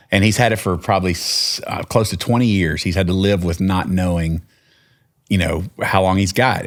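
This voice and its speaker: A low-pitched man with a Texan accent tells a story in relaxed podcast chat. He wanders, restarts sentences and slips into quoting people as he goes. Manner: rambling, with many restarts and quoted dialogue. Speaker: podcast guest, singer-songwriter. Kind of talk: casual storytelling.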